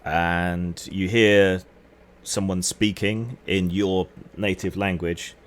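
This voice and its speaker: A man running an online tabletop game as game master, narrating scenes in a relaxed, descriptive way. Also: sits low, slow. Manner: relaxed, descriptive, hedging with "sort of".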